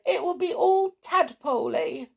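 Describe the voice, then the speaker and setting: A woman voicing a fussy, weepy female rag doll in a children's storybook, with a high, wailing, distressed delivery. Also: lively intonation, takes it slowly, gravelly, full character voice. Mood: horrified.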